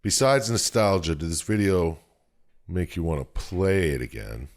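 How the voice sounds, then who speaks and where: A man with a very deep, low voice, recapping a game's story for his co-hosts. He tells it with plenty of swearing and jokes, in loose, casual chat. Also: very animated, moderate pace. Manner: profane, joking storyteller. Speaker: podcast co-host.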